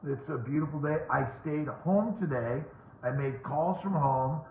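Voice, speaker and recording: Speaking a little high and a little slowly, a fertility doctor chats casually on a home livestream, answering questions, calling out viewers by name, and meandering with fillers. A bit of hiss or hum sits in the tinny, phone-like recording, which has a roomy echo.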